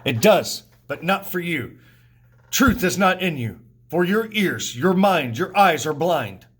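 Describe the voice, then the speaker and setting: Brief: male teacher reading an angry, proud king, accusing and sneering, voice a touch high. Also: lively intonation, slow pace, fairly bright tone, slightly rough, full character voice. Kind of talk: reading a play aloud.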